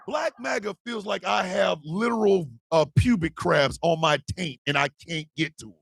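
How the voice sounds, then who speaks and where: A man hosting a morning show, delivering a profane, impassioned rant that swings from hushed pleading to shouting. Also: high voice, measured pace, creaky, noisy background. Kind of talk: ranting monologue.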